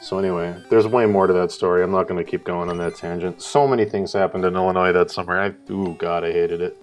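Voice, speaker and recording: Guy on a livestream telling a long story, low voice, swears a lot, bursts into loud quotes. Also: fairly even intonation, quick pace, faint music behind. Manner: rambling, swears, acts out quotes loudly. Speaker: co-host of a live art stream. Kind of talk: casual storytelling chat.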